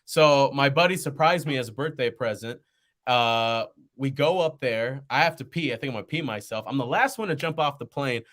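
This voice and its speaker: Bright-voiced young man telling animated stories. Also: mid-range voice, normal speed. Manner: animated, laughs often, jumps into quoted voices. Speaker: podcast guest. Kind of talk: casual storytelling chat.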